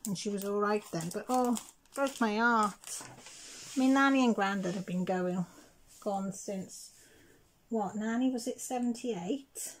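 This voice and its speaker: A woman's voice: medium pitch, measured pace. A middle-aged woman chatting casually while she crafts, telling a story and acting out other people's voices. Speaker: craft vlogger.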